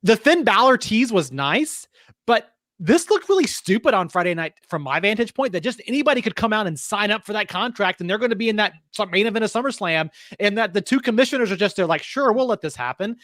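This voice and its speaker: A man's voice: sits high, lively intonation, quick pace, a bit bright, no room sound. A man co-hosting a podcast, giving his opinions in a wry, casual way with lots of rhetorical questions. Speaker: podcast co-host.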